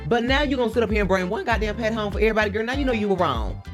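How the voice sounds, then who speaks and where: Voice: medium pitch, very animated, rapid-fire, music in the background. A reality TV recap co-host who cuts in with sassy, blunt remarks. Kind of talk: casual gossip commentary.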